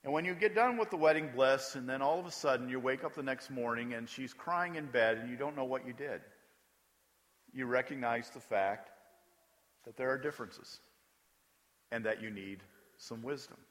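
A man's voice: mid-range voice, normal speed, fairly bright tone. A man preaching a sermon as pastor, emphatic and acting out prayers aloud. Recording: long hall reverb.

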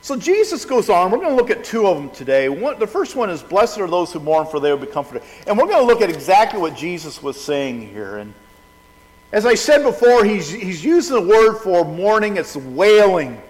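High-voiced man preaching in a reverberant hall. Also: big pitch swings, moderate pace. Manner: conversational preaching with frequent restarts. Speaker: pastor. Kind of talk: sermon.

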